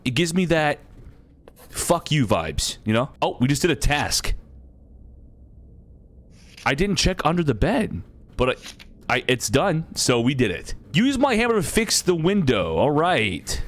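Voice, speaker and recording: A young man commentating casually as he plays a game, excitable, swearing freely and laughing often, reading game text aloud. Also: a little high, a little slow, long pauses. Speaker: gaming streamer.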